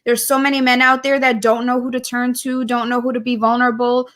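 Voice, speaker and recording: This podcast co-host speaks briskly in a rather high voice that barely moves in pitch. She chats in a warm, heartfelt, gushing manner, laughing easily throughout.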